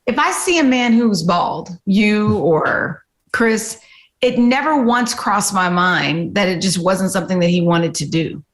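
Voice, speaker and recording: A woman's voice: medium pitch, unhurried, roomy sound. A woman co-hosting a casual chat, teasing her co-host playfully.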